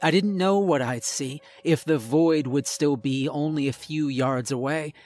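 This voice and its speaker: A man's voice: a little high, a little slow, darkish tone, faint music behind. A man narrating a first-person horror story in a dramatic, tense storytelling manner.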